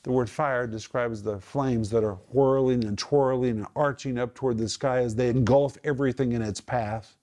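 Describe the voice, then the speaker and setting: A man teaching from the Bible, explaining Greek words with emphatic, drawn-out stress on key phrases. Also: medium pitch, steady tone, dark tone.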